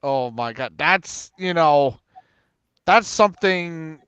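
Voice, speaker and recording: A man's voice: a little high, expressive, takes it slowly, fairly bright tone, clear, resonant tone, dry recording, highs cut off. A man on an open talk panel, telling a school story in casual chat, rambling and full of fillers. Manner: rambling, filler-heavy storytelling, lots of "and everything".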